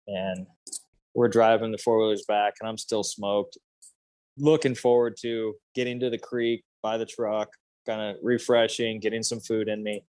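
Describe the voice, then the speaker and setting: Low-voiced man in his 30s. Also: steady tone, moderate pace, darkish tone, dry recording. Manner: loose and rambling, heavy on fillers and "dude". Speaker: podcast guest. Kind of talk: casual storytelling.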